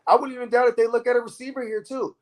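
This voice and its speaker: Man, fantasy football co-host, high voice, casual and profane, rambling. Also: level tone, racing. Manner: loose, profane, keeps asking "you know what I mean". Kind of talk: casual live-stream sports chat.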